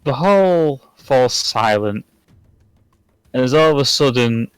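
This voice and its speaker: Slow dry-voiced man game master. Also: mid-range voice, lively intonation, smooth, dry recording, faint music behind, rough recording. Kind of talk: narrating a tabletop game.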